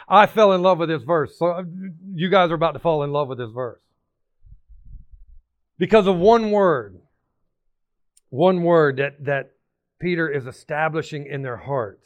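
A male pastor preaching a sermon, emphatic and excitable, repeating phrases and bursting into sudden shouts. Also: high voice.

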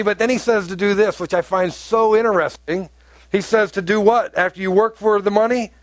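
A man preaching a sermon as pastor, animated and rising to emphatic peaks. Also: high voice, a little fast, dry recording.

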